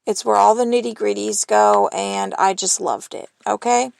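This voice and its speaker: A woman's voice: medium pitch, fairly even intonation, normal speed, vocal fry, a little mellow. A young woman hosting a solo podcast, rambling candidly into her phone and swearing casually. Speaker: podcast host. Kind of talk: solo confessional monologue.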